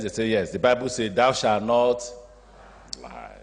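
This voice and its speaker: A man's voice: lowish voice, measured pace, pauses often. A man with a Nigerian accent giving a public speech as a state governor, telling stories and acting out the dialogue. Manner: storytelling, acts out dialogue, animated asides. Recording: long hall reverb.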